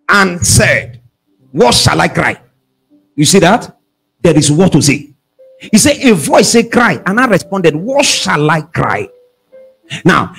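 A man preaches a sermon, his high voice leaping up and down as he calls out for responses. His tone is slightly husky. Faint music plays behind him. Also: very animated, measured pace, long pauses. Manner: call-and-response preaching, shouting at peaks. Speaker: pastor.

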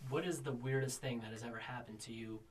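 A man hosting a casual band interview, easygoing and quick to laugh. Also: mid-range voice, steady tone, slight background noise.

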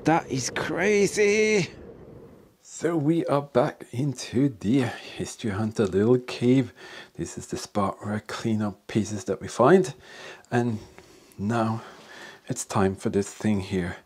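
A middle-aged man talking through a casual vlog, excited and talking to himself and to viewers, outdoors in freezing cold and later in a workshop. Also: lowish voice, takes it slowly, breathy edge, dry recording. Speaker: history hunting vlogger.

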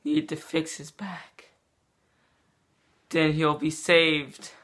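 Bright-voiced deadpan vlogger. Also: medium pitch, drawn-out words. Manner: deadpan, jokey, mock-dramatic. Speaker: YouTuber. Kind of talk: joking comedy vlog.

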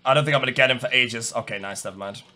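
A young man giving live gameplay commentary, chatting to his viewers, calm and muttering one moment and shouting the next. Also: medium pitch, very fast, faint music behind. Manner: chatty, talks to viewers and opponents. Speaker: gaming streamer.

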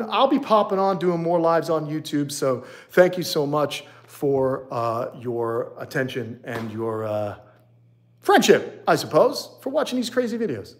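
A man with a New York accent, chatting on a live stream in a fairly high voice. He talks in an excitable, rambling way. His voice carries a roomy echo. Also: unhurried. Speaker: host of a reptile channel. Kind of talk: casual live stream chat.

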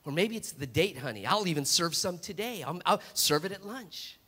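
A hopeful ancient wife, put on by a preacher, musing proudly in a bright, lifted voice. She daydreams aloud in a soft, wistful tone, and the long reverb of a big church hall trails behind every phrase. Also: fairly high pitch, animated, normal speed, breathy edge, heavily acted. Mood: dreamy.

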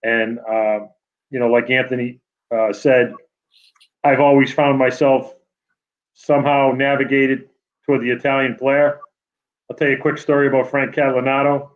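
A man with a New England accent giving an award acceptance speech over a video call, halting with many fillers and restarts. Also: medium pitch, little pitch movement, dull audio. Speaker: award honoree.

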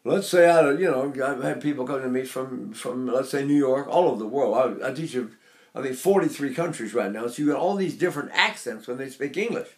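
A man's voice: mid-range voice, brisk. An older man teaching singing, talking in a rambling, anecdotal way and breaking off to demonstrate sounds. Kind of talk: spoken singing lesson.

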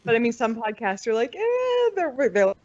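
A woman's voice: a little high, fairly quick, darkish tone, dry recording. An American woman chatting as a podcast guest, candid and laughing often, swearing freely. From United States. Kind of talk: casual chat. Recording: dull lo-fi podcast audio.

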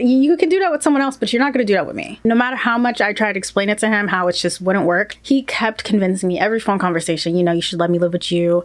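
A young woman in her twenties telling a storytime on her vlog, animated and laughing as she acts out the people she quotes. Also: mid-range voice, no room sound. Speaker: YouTube vlogger.

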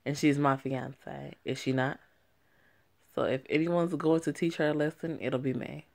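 Brief: woman voicing a controlling young man, low and gravelly, menacing. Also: steady tone, unhurried, a little mellow. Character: domineering possessive young man, fiance.

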